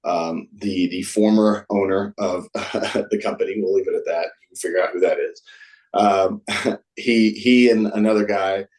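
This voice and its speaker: A man with a fairly low voice, telling stories as a guest on a show. His speech is casual and rambling. He restarts sentences often and leans on fillers like "um" and "like.". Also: fairly even intonation, normal speed, darkish tone, rough recording. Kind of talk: casual storytelling.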